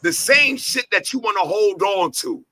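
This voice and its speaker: A man's voice: high-pitched, lively intonation, moderate pace, bright, forceful tone, no echo, poor audio. A man hosting his company's talk show, preaching in a profane, fired-up way and hammering points home with repeated lines and rhetorical questions. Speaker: host, head of an entertainment company.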